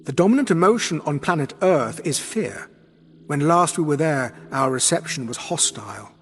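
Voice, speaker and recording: A man voicing a smooth, calm and flattering male alien minister. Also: on the high side, moderate pace, voice pushed up.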